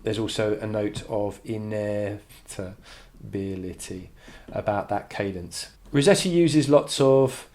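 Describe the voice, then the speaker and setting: A man's voice: on the low side, lively intonation, unhurried, hardly any pauses, a little mellow. A man teaching a poetry analysis lesson, thinking aloud with many restarts and reading quoted lines with emphasis.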